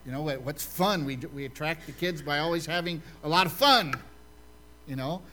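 A man's voice: on the high side, moderate pace, sharp tone. An older male pastor giving a conversational sermon in a church, often stopping to put questions to his listeners. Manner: quizzes the congregation with questions.

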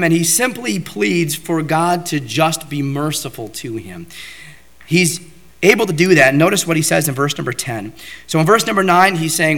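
A man's voice: on the high side, a bit bright. Man preaching an emphatic sermon. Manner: builds to raised, emphatic pleading when voicing prayer. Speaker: pastor.

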